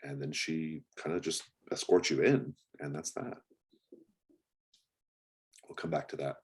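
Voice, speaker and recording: A man's voice: very deep voice, steady tone, unhurried, husky. A man narrating as game master of a tabletop game, rambling and hesitant with many fillers.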